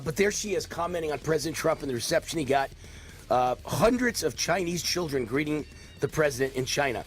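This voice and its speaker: On the high side in pitch, this host is a man in his sixties leading a live political talk stream. His faint New York accent comes through as he rambles animatedly, peppering things with mocking asides.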